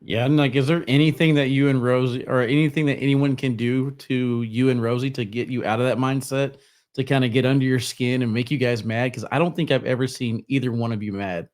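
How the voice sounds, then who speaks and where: A man co-hosting a podcast who asks questions in a relaxed, informal way. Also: medium pitch, brisk. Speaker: podcast co-host. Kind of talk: casual interview chat.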